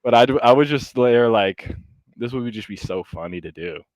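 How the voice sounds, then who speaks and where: A man in casual podcast chat who tells stories with lively swings in pitch and acts out what others said. He swears freely and sounds dry and close to the mic. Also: moderate pace, no echo. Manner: animated storytelling, acts out quotes, swears freely. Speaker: podcast co-host, coach.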